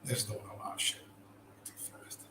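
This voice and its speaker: A man's voice: moderate pace, noisy background. Male commentator, blunt and sarcastic, swears constantly; echoey room, faint ambience. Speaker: video commentator. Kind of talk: profane commentary over a screen-shared video.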